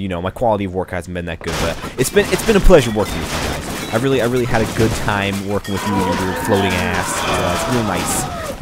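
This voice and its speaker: A man giving rambling, silly let's-play commentary, narrating his character in a joking third-person voice. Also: sits low. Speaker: gaming YouTuber.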